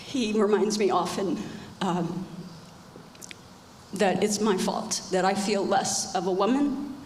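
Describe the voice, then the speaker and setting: A woman's voice: medium pitch, takes it slowly, a little mellow, a little hiss or hum. An older woman giving an earnest personal testimony on a church panel, repeating phrases for emphasis. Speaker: panel guest. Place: church stage. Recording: echoey church hall with reverb.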